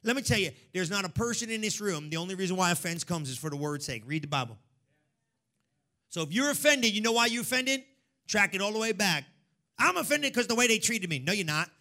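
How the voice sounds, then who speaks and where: A man preaching a sermon in a church, calling out to the congregation and swinging between hushed, intense stretches and loud, sing-song exhortation. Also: high voice, lively intonation, a little fast. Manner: call-and-response preaching, swings from hushed to shouting. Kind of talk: energetic sermon.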